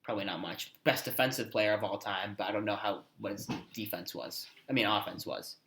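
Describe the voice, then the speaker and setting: A man co-hosting a podcast in a casual sports debate, thinking aloud and often trailing off into quiet mumbles. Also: lowish voice, fairly even intonation, fairly quick, vocal fry, reverberant. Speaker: podcast co-host.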